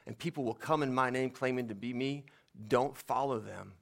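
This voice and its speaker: Man preaching a sermon, plain mid-pitched voice. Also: normal speed, creaky. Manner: reads scripture aloud, then explains it conversationally. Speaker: pastor.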